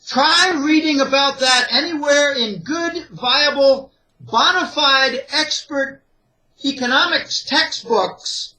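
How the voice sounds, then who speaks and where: A very high-pitched man speaks slowly with a sharp tone in a low-quality recording. He's an economic analyst from the Pittsburgh area, USA, being interviewed, and he delivers emphatic, repetitive and opinionated warnings.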